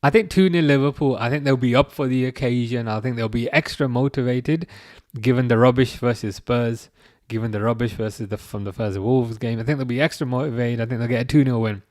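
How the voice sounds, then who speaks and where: A man in his thirties hosting a live stream, chatting casually and reading out viewer comments with halting restarts and dry jokes. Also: mid-range voice, a little mellow, dry recording. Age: 30s.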